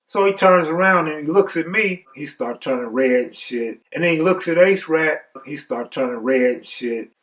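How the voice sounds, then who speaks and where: A man's voice: a little high, expressive, normal speed, fairly bright tone, distant mic. A man casually telling a personal story in profane, laid-back street talk.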